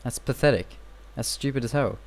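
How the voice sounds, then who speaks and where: A man's voice: medium pitch, moderate pace. Rambling young man commentating a game. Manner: rambling and repetitive, with frequent fillers. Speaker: gameplay commentator.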